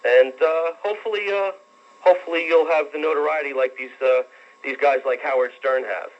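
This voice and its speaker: A man in his twenties calling in to a talk radio show, earnest and rambling, with many halting fillers. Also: a little high. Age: 20s. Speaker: caller. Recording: dull lo-fi radio broadcast.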